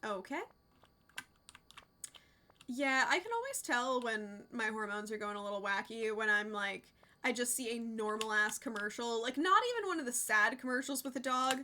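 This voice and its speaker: Young woman streamer, high voice, bright tone, chatty, expressive, swears freely, casual gaming chat. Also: normal speed, slight background noise. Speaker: game streamer.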